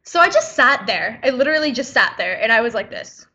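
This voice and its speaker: Indignant teen girl vlogging, bright voice. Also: a little high, big pitch swings, brisk, muffled recording. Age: teens. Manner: indignant, chatty retelling with quoted back-and-forth. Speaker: high school student vlogger. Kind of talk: casual vlog storytelling.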